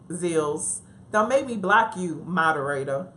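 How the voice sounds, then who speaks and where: Southern woman, low-pitched, casual live-stream host, laughs easily, faint background hiss. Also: animated, measured pace, fairly bright tone. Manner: chatty, laughs often, talks back to live chat. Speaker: livestream host. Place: home office.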